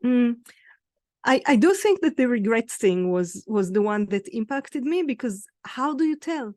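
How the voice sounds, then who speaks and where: Woman, Israeli accent, interview guest, lively and laughing, slightly high pitch, dry sound. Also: measured pace, no room sound. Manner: animated, laughing, acting out quoted remarks. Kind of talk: conversational interview.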